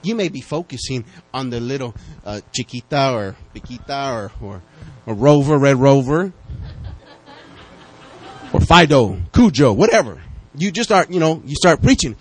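A man preaching a sermon, talking straight to his congregation and bouncing between calm teaching and excited bursts. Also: moderate pace, low-quality recording. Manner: lively, talks to the congregation directly; pitch jumps up high when excited.

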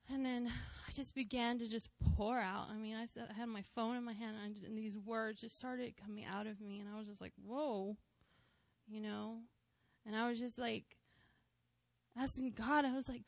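Woman worship leader sharing her testimony at church, kinda high voice, earnest, lots of "you know"s, dry close sound. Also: fairly even intonation, moderate pace, dry recording. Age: adult, a mother of school-age kids. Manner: earnest and heartfelt, with frequent "you know" asides.

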